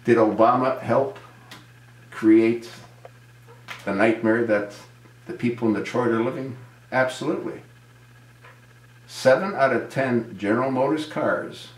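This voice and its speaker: A man's voice: mid-range voice, takes it slowly, pauses often, echoey room, poor audio. A man giving an indignant political commentary monologue, answering a viewer and asking rhetorical questions. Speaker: video commentator.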